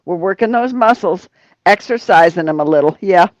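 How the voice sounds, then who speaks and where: A woman hosting a casual live stream, reading viewer comments aloud and laughing a lot, with drawn-out exclamations. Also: lowish voice, expressive, no room sound, dull audio. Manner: giggly, reads chat comments aloud, often laughing; drawls exclamations like "Oh, Lordy". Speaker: livestream host reading chat.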